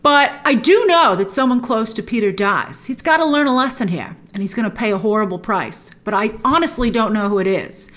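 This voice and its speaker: A woman hosting a trailer breakdown, chatty and opinionated, with excited asides. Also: on the high side, normal speed, few pauses. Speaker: host.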